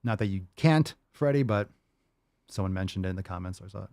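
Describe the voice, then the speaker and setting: A man's voice: deep voice, lively intonation, quick pace, darkish tone, no room sound, clean studio sound. A man hosting a casual livestream, answering viewer questions and telling rambling, profane stories.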